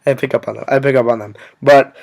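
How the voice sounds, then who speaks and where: A young man casually telling a story to his viewers, rambling and filling every pause with "like". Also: mid-range voice, fairly even intonation, creaky, a little mellow. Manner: rambling, full of "like" fillers. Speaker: vlogger.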